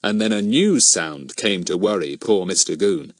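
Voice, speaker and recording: A man reads a children's mystery audiobook aloud in an animated storytelling style. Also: low-pitched, normal speed, no room sound. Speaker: audiobook narrator. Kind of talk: scripted narration.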